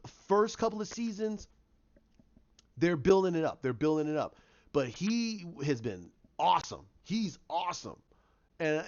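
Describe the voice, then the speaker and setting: A man casually breaking down a TV episode as a fan, excitable and acting out the characters' lines. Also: on the high side, dull audio. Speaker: TV show reviewer.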